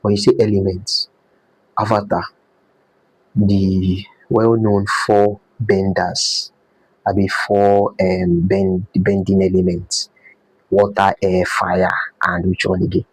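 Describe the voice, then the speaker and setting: A man's voice: low-pitched, level tone, slow, breathy edge, no room sound, low-quality recording. A man teaching a live design class, repeating his points and quizzing students with "what?". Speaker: design instructor.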